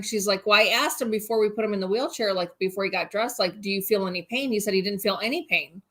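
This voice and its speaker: A channel co-host with a medium-pitched voice talks fairly quickly on a casual livestream, telling a story and reading out viewer comments. She's animated and laughs her way through the tale.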